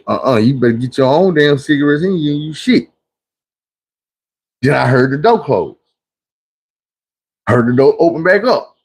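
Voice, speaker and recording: A man hosting a live stream, telling stories in a casual, preachy monologue. He curses freely and swings from loud, high bursts to low, quiet asides. His voice sits at an ordinary middle pitch for a man. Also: slightly rough. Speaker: livestream host. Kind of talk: casual livestream monologue and storytelling.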